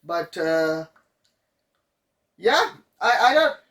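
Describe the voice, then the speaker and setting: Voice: mid-range voice, sing-song, extremely slow, a bit bright. Co-host, skeptical, dismissive, casual chat, sounds slightly far from the mic. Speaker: co-host reviewing films.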